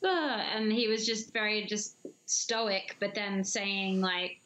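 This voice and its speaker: A woman's voice: mid-range voice, flat delivery, slow, pushed and bright, a little hiss or hum, poor audio. A woman in casual chat, talking hesitantly and saying "like" constantly.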